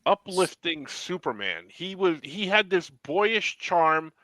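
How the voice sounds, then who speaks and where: A man's voice: sits high, sing-song, slow pace, pushed and bright, no echo. A man on a podcast talking about a film with an enthusiastic, upbeat manner. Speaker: podcast co-host. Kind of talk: casual movie review chat.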